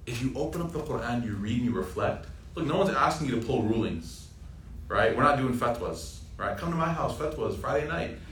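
A young man leads an informal Quran reflection class with a lively, joking delivery and keeps throwing questions at his listeners. His voice sits at a middle pitch. The sound is roomy and picked up from a distance, with a faint ambient hum behind it. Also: brisk. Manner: lively, jokey, asks the audience questions. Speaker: Islamic teacher.

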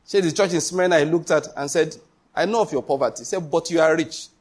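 A man's voice: fairly high pitch, fast, breathy edge. A man preaching a sermon as pastor, emphatic, full of repetition and rhetorical questions.

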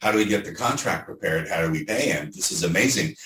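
A man's voice: deep voice, lively intonation, fast talker, pushed and bright, far from the mic. A man hosting a podcast who talks enthusiastically and sums up the guest's points in casual interview chat. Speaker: podcast host. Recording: roomy sound, voice off-mic.

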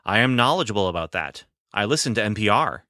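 A man's voice: lowish voice, sing-song, fast talker, pushed and bright, no echo, clean studio sound. A man voicing a boastful, wry ancient male demigod in a story reading, talking in a sardonic, grumbling way. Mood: smug.

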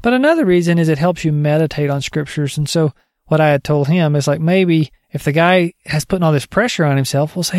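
A man's voice: a little high, brisk, darkish tone, no echo, clean studio sound. A man giving a casual spoken teaching update on discipling others, conversational and digressive, thinking aloud as he goes.

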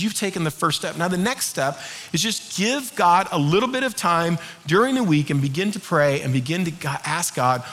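Bright, lively male pastor preaching. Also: sits high. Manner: lively, leads the congregation in call-and-response. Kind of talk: sermon.

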